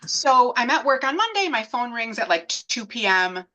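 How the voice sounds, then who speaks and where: Woman in her 30s, guest telling a personal story, bright edge, lively, plays out both sides of old conversations. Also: a little high, normal speed. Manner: animated, acts out both sides of remembered conversations. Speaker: interview guest.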